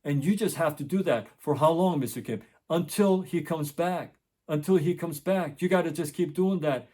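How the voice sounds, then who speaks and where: Warm in tone and fairly high in pitch, a middle-aged tutor talks at a normal speed on his education channel. He tells a story in a relaxed monologue, earnestly repeating his points for emphasis.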